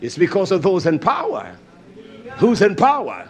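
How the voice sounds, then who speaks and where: Male preacher, fiery sermon, high and very lively delivery, loud then muttered. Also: normal speed, lo-fi sound. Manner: fiery, swings between loud outbursts and low muttering; repeats phrases for emphasis, says hallelujah.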